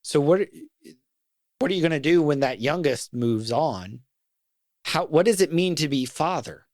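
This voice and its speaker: A man's voice: fairly high pitch, animated, a little slow, darkish tone, dry recording, studio quality. A middle-aged man in casual podcast conversation, speaking in an earnest, reflective way. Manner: earnest and reflective, talks about fatherhood with feeling. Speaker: podcast co-host.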